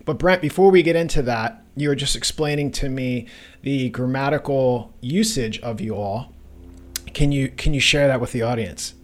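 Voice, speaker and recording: A man's voice: medium pitch, normal speed. A man hosting a casual finance podcast, joking around and talking loosely with fillers. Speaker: podcast host.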